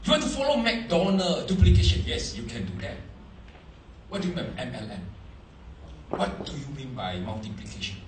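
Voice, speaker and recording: A man giving a seminar talk to a live audience, animated, quizzing the crowd, in broken English phrasing. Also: a little high, normal speed, long pauses, roomy sound, distant mic, background noise. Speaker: motivational speaker at a business seminar.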